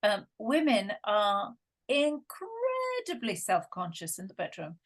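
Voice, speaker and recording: A woman's voice: medium pitch, sing-song, slow pace. A Scottish woman speaking as a coach in an interview, earnest and emphatic. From Scotland.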